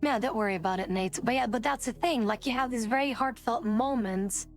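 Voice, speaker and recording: A woman's voice: fairly high pitch, brisk, faint music behind. A woman streamer chatting casually, indignant and rambling, swearing often. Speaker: VTuber streamer.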